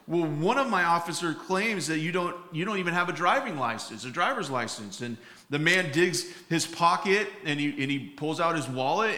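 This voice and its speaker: A man with a bright, slightly high voice delivers a sermon. He tells jokes as stories, acting out each character's lines, and often pauses on fillers and restarts. The room gives his voice a noticeable echo. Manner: storytelling with acted-out quotes, many fillers and restarts. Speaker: pastor.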